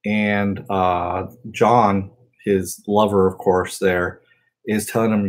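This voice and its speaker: A man's voice: low-pitched, little pitch movement, slow. A man casually recapping a TV episode as a review host, rambling along with lots of fillers. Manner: rambling, filler-heavy retelling.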